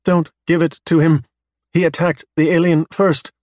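A man's voice: fairly high pitch, little pitch movement, normal speed, a little mellow, no echo, pitched above the performer's own voice, close to an everyday voice. A man voicing a trapped male scientist speaking urgently from a lump of scrap metal, in a dry recording. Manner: urgent, pleading.

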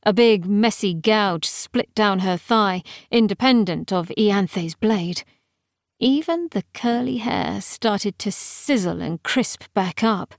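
A woman narrating a fantasy audiobook in a measured, even storytelling manner, close to the mic. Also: medium pitch, creaky, no room sound.

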